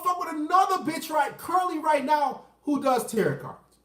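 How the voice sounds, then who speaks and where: This dating commentary streamer's voice is very high, bright and forceful, expressive at a normal pace as he rants crudely and responds to chat live. The mic is distant, leaving a roomy echo.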